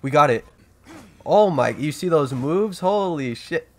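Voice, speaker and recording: A man giving casual let's-play commentary, excitable and profane, trash-talking the game as he plays. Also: on the high side, unhurried, slight background noise. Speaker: gaming YouTuber.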